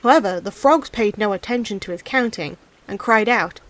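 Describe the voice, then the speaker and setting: A woman narrating a fairy tale as an audiobook reader, in an expressive, animated reading style. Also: mid-range voice, normal speed, no echo. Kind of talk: storybook narration.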